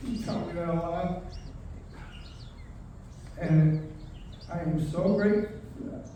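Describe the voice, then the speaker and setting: Slow-spoken man, far off in an echoing room. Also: on the high side, mellow, a little hiss or hum. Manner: halting, with pauses and restarts. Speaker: son giving a eulogy. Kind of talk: memorial speech with a toast.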